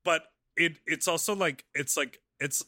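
A man from the Midwest hosting a podcast, chatting casually and cracking quick jokes. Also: fairly high pitch, sharp tone, dry recording, clean studio sound. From Midwest, Ohio. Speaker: podcast host.

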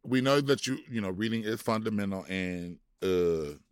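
A man's voice: fairly low pitch, animated, normal speed, smooth, no room sound, clean studio sound. A man hosting a podcast, theatrical and playful as he introduces segments. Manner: theatrical, drawls "darling". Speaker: podcast host. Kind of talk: casual chat with segment intros.

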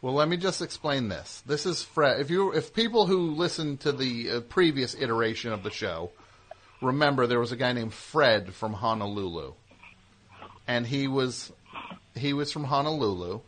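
On a radio broadcast, a man with a mid-range, slightly bright voice hosts a call-in show. He teases callers, rambles through stories, and keeps the back-and-forth quick.

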